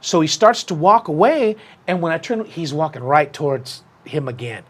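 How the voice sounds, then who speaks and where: Animated man telling a story. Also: on the high side, normal speed. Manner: animated, acts out quoted people in a raised voice. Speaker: podcast host. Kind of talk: casual storytelling chat.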